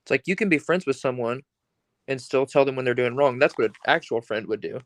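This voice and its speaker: A man chatting casually and giving his opinions earnestly, with pauses and fillers. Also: mid-range voice, dry recording. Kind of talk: casual chat.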